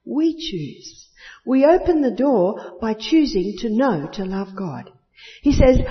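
A woman's voice: a little high, very animated, slow. A woman gives a sermon in a hall with a long, ringing reverb, and the recording sounds dull and muffled. She tells homely stories, laughs often, and lifts her voice sharply on the words she wants to land. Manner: warm, laughing often, emphatic rises on key words. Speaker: speaker at a retreat.

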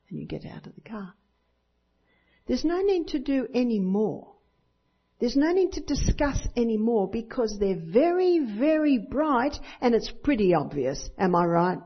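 A woman's voice: a little high, sing-song, moderate pace, breathy edge. A woman giving a teaching talk to an audience, acting out bits of dialogue and often asking listeners for agreement. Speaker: parenting teacher at a church talk. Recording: dull lo-fi recording.

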